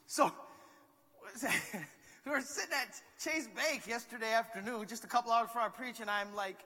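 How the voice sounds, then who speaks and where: A man preaching a sermon as pastor, talking in a conversational, animated way and acting out quotes. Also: sits high, brisk, big-room sound. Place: church sanctuary.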